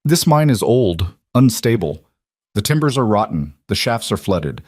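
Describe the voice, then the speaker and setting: A man's voice: lowish voice, sing-song, unhurried, darkish tone, no room sound. A man voicing a cold, calculating male villain who runs a mine, speaking with menacing politeness.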